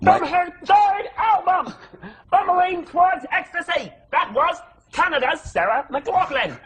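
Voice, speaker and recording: A male music show host announcing a song in a loud, hyped way. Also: extremely high pitch, lively intonation, unhurried, slight background noise.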